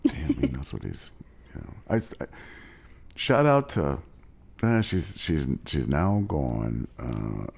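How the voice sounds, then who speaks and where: Podcast host, man, very deep husky voice, lively pitch, rambling. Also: slow. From Ohio, USA. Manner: rambling, hesitant, full of shout-outs. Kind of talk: casual interview chat.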